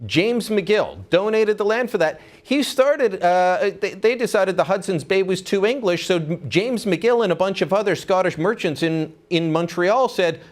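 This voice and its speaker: A man's voice: high voice, lively intonation, moderate pace, hardly any pauses. A man from Canada hosting a casual talk, explaining things conversationally with many fillers. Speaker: host. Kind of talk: casual chat.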